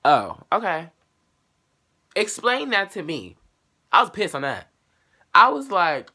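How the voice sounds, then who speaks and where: A late-teen male vlogger tells a story to camera, animated and swearing freely, voicing both sides of the conversation with abrupt leaps in pitch and volume. He speaks slowly, with long pauses.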